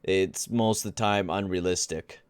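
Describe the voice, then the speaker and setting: A man's voice: low voice, steady tone, normal speed, clear, resonant tone, no echo. A young man giving casual gameplay commentary, rambling and exasperated, full of slang like "dude" and "bruh". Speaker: gaming channel host.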